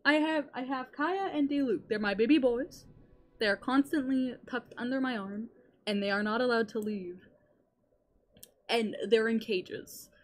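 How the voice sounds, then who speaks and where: A young adult woman streaming a game in casual chatter, excitable, rambling and swearing often. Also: on the high side, a little slow.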